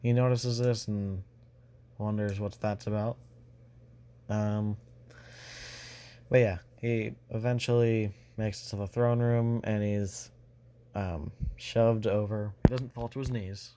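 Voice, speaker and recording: A man's voice: fairly low pitch, level tone, slow pace, long pauses, mellow, clear, resonant tone. A young man casually retelling a fan story, rambling with many fillers and restarts.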